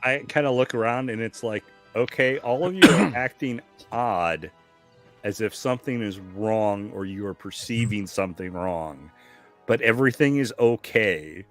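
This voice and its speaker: A man playing a tabletop game, giving steady in-character instructions to his party. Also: on the low side, moderate pace, soft background music. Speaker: player.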